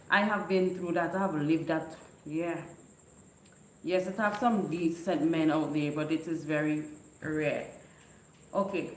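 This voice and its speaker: A woman, chatting casually and telling lively stories with frequent laughter. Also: on the low side, a little hiss or hum. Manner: lively, laughing often, animated storytelling. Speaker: vlogger. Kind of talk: casual storytelling chat. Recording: echoey room.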